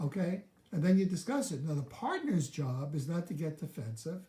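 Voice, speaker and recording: A man coaching on a live video, his voice set a touch high with a mellow, warm tone. He explains things step by step and slips into short acted lines of dialogue. The sound is roomy and echoey. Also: lively intonation, normal speed. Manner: instructive, walks through steps and acts out sample dialogue. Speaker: relationship coach.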